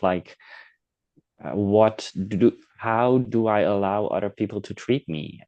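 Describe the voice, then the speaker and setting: Podcast host, male, low and measured, reflective advice, dry sound. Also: no echo, muffled recording. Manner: calm, reflective, acts out example dialogue. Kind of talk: casual advice talk.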